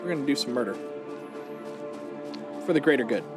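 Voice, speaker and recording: Playful male streamer with lively pitch. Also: brisk. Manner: playful, thinks aloud, lively ups and downs. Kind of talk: casual gameplay chat. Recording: game music behind voice.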